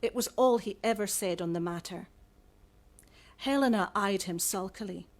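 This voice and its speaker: Una autora que lee en voz alta su novela juvenil, con un tono pausado y narrativo. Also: female voice, medium pitch. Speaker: author. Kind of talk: reading aloud from a novel.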